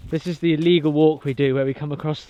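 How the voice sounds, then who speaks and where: A man vlogging casually while walking his dog outdoors in a park, chatty and quick to laugh. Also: on the high side, fairly even intonation, mellow, lo-fi sound. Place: outdoors in a park and golf course.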